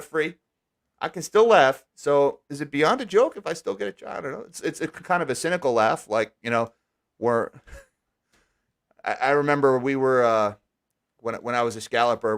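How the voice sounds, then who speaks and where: Guy hosting a livestream, chatty and wry, normal pitch, sarcastic asides. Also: fairly bright tone. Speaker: livestream host. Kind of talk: casual live-stream chat.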